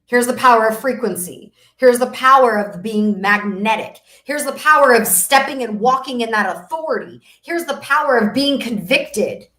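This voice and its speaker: A woman's voice: fairly high pitch, animated, normal speed, few pauses, fairly bright tone. A woman business coach hosting a masterclass, talking in an emphatic, preachy motivational way and repeating her phrases for effect. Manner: faith-driven motivational tone. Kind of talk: motivational webinar talk. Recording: roomy echo.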